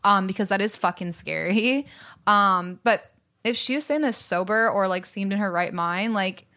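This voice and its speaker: A young woman co-hosting a podcast, chatting casually in an animated way, swearing freely and laughing a lot. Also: medium pitch, normal speed. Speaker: podcast co-host. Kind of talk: casual chat.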